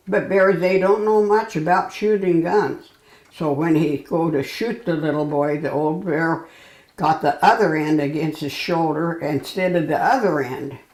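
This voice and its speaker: A woman reading a folksy children's bedtime story aloud, pausing and correcting herself as she goes. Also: sits low, a little mellow, roomy sound, poor audio. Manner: halting, self-correcting storytelling.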